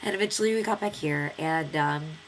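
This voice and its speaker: Her nose blocked up by a cold, a woman in her twenties from the United States vlogs a lengthy, chatty tale stuffed with fillers and performed quotes. She has a deep voice and speaks fairly quickly in a lively way, with a bit of hiss or hum audible.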